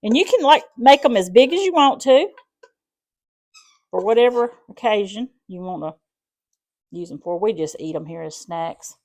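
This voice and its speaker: A woman's voice: mid-range voice, lively intonation, normal speed, long pauses, a little mellow. A middle-aged woman with a South Alabama accent, chatting through a home cooking demonstration in a folksy, rambling way. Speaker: home cooking channel host.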